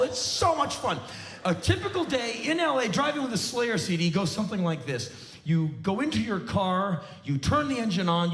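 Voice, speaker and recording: Profane sarcastic man on a theater stage. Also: on the high side. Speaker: spoken word performer. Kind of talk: live stand-up monologue. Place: large theater stage, live audience. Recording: echoey live theater recording.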